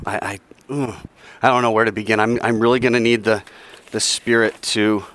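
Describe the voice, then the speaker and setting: A man teaching a class in an energetic way. He coaches the group and drills them line by line in call-and-response. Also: lowish voice, brisk, slight background noise.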